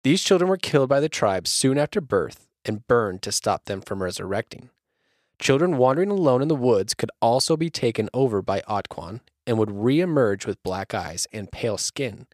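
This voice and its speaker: A man's voice: lowish voice, expressive, moderate pace, no room sound, clean studio sound. A man hosting a podcast, casually reading a spooky story aloud between profane jokes. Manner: profane, jokey, reads aloud. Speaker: podcast host.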